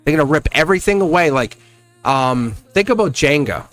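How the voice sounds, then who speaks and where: A man giving a live-stream tarot reading, emphatic and animated, laughing often and slipping into a scolding teacher tone. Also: a little high, a little fast, soft background music. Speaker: tarot reader.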